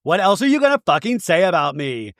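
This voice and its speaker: A man's voice: high voice, sing-song, a bit bright, no echo, clean studio sound. A man doing an impression of a defensive reality TV woman who swears indignantly. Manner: indignant, profane, drawn-out.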